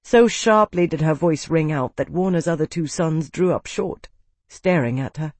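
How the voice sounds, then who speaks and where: A man's voice: a little high, moderate pace, darkish tone, no room sound. A man narrating a fantasy novel as an audiobook, reading steadily and dramatically.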